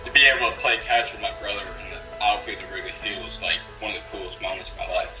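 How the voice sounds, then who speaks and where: Excited guy talking up his brother, says like a lot, echoey room, mic far off. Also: on the low side, fast talker, music in the background. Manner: enthusiastic, with many likes. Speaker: brother of the player. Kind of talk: casual interview. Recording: roomy, off-mic sound.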